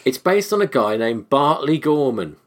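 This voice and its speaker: A man co-hosting a film podcast, chatting casually with quick, opinionated jokes. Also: medium pitch, very animated. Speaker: podcast co-host.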